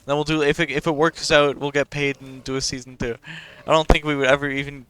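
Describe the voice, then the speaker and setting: A man's voice: fairly high pitch, level tone, fast, sharp tone, smooth. A young man, talking in a casual, rambling and profane way as a podcast host.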